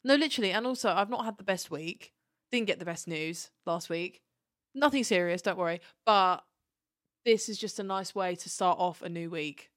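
A woman's voice: lowish voice, normal speed, a bit bright, dry recording. Chatty woman podcast co-host, dry sound. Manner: chatty, joking, swears casually. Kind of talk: casual chat.

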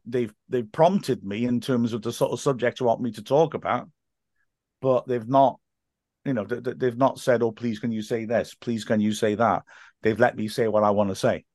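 A man's voice: mid-range voice, dry recording, studio quality. Chatty man telling stories with laughs. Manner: chatty storytelling, laughs often, mimics voices in quotes. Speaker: podcast guest, stadium announcer and school teacher. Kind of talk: casual podcast interview.

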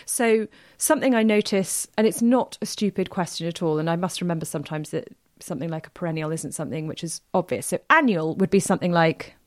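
A woman's voice: on the low side, quick pace, few pauses, no echo, clean studio sound. A woman in her thirties co-hosting a podcast, chatty and giggly, patiently explaining gardening basics in casual chat. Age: 30s. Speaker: podcast co-host, gardening expert.

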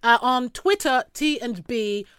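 A woman co-hosting a podcast in casual chat, playful and teasing, breaking into loud laughter. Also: fairly high pitch, moderate pace, clean tone, no echo. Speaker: podcast co-host.

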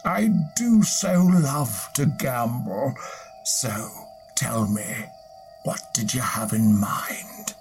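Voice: medium pitch, big pitch swings, slow pace, darkish tone, faint music behind, voice pushed up. A storyteller voicing a sly, purring male devil who teases and sometimes drops to a whisper, in a folk-tale podcast.

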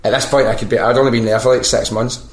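In a roomy, echoing recording, a Scottish man hosts a podcast and chats casually in rapid-fire bursts. His medium-pitched voice carries animated stories laced with swearing.

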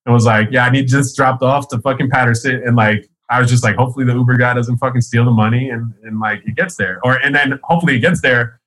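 A man's voice: mid-range voice, fairly even intonation, quick pace, few pauses, a bit bright, rough recording. A man telling a rambling, profane story in a casual chat, laughing often as he goes.

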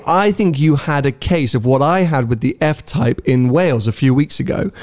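Chatty man, slightly high voice. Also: a little mellow. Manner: chatty, rambling, stammers on restarts. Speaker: podcast co-host. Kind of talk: casual car podcast chat.

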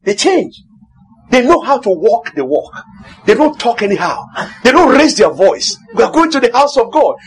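A man preaching a sermon as pastor, emphatic and repetitive, now and then shouting. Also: very high-pitched, very animated, moderate pace, slightly rough.

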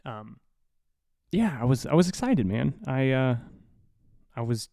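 Mellow, smooth-voiced man telling a story. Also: mid-range voice, big pitch swings, unhurried, dry recording, clean studio sound. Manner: rambling, profane, self-deprecating, with many restarts. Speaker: podcast host. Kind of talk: casual storytelling monologue. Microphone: studio mic through an audio interface.

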